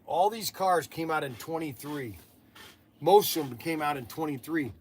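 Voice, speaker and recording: A man hosts a casual livestream and rambles from one story to the next. He laughs at his own anecdotes and often trails off before starting a sentence over. His voice sits a little higher than most men's. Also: normal speed, a little hiss or hum. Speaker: livestream host.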